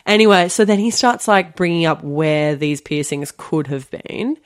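A young woman co-hosting a podcast, telling a story in a casual, animated way, with many fillers and quick laughs. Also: low voice. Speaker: podcast co-host.

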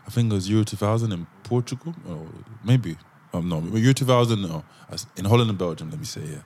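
A man's voice: fairly low pitch, fast talker, darkish tone. A man co-hosting a podcast, chatting in a reflective way with frequent restarts. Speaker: podcast co-host. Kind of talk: casual chat.

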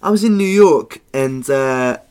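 A man's voice: medium pitch, lively intonation, a little slow, darkish tone, clean tone. Blunt, sweary podcast co-host man. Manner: blunt, swears often, laughs easily. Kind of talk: casual banter and anecdote.

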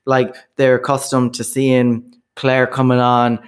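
A man's voice: medium pitch, completely flat delivery, unhurried, clean tone. A man chatting casually on a podcast, telling stories in a laid-back, rambling way. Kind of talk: casual chat.

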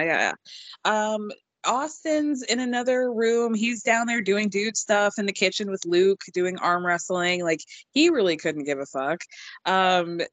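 A woman's voice: mid-range voice, fairly bright tone, no room sound. A young adult woman co-hosting a podcast, recapping a reality show in casual, chatty talk with lots of ums and freely dropped swear words. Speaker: podcast co-host.

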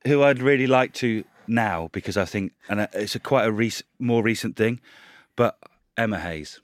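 A man's voice: on the low side, moderate pace, dry recording, studio quality. A man, co-hosting a casual chat and rambling through his thoughts with many restarts. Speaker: podcast co-host.

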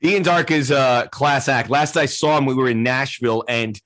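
A man's voice: medium pitch, normal speed, fairly bright tone. A man hosting a sports podcast, a broadcaster who jokes playfully and pokes fun at himself in casual chat. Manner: joking, playful, self-deprecating.

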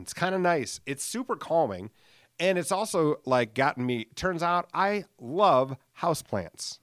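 A late-thirties man with a fairly high, slightly bright voice hosts a solo podcast expressively at normal speed, rambling with plenty of fillers, curses and self-deprecating humor. It's a dry, studio-quality recording made on a studio microphone.

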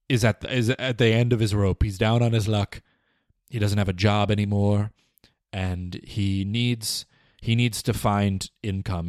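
A man's voice: on the low side, darkish tone, dry recording, clean studio sound. A young man hosting a comedy podcast, delivering a pompous, rambling, mock-serious film review with stammering restarts. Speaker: podcast host. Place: small studio.

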